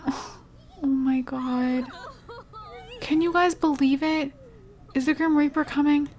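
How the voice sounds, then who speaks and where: Young woman gamer, high voice, gasps and exclaims to her viewers while she plays. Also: slight background noise. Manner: talks to viewers, gasping and exclaiming. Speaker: let's play gamer. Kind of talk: emotional gameplay commentary.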